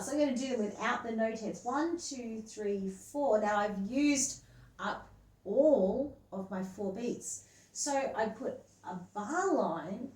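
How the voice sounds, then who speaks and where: A woman's voice: fairly high pitch, darkish tone. Woman teacher explaining from across a room. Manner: explains patiently, counts beats aloud. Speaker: music teacher. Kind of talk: step-by-step classroom explanation. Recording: roomy, distant mic, faint hum.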